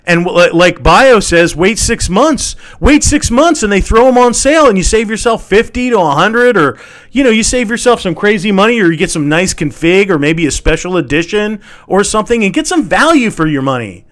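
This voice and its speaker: A man's voice: sing-song, normal speed. Swearing man in a heated rant. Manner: heated, swearing, repeats himself; swings from loud outbursts to low mutters. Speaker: channel host. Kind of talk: angry rant to camera.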